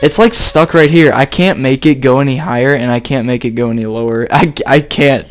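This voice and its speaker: A man's voice: mid-range voice, a little fast. A young man hosting a podcast, chatting casually with lots of giggles and fillers. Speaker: podcast host.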